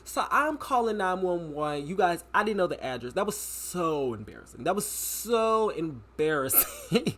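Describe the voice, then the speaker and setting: Young guy telling a wild storytime, super animated, lots of slang, voice all over the place. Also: sits high, normal speed, few pauses, a little hiss or hum. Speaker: vlogger. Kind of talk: casual storytime.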